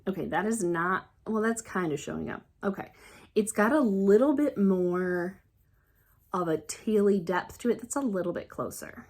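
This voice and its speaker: A woman chatting casually as a crafting vlogger, excitable and rambling, often trailing off and restarting. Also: medium pitch, moderate pace. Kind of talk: casual show-and-tell chat.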